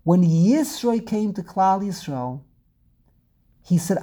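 A woman's voice: mid-range voice, animated, measured pace, gravelly, warm tone. A woman teaching a religious text lesson, asking rhetorical questions and repeating words as she builds each point. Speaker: Torah teacher. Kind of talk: lecture on Hebrew prayer and scripture.

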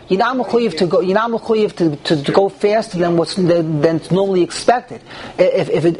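Rabbi giving a class to a small group, high voice, rhetorical questions, faint noise behind. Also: male voice, a little mellow. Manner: asks the group rhetorical questions and restarts sentences often. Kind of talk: Torah class on prayer law.

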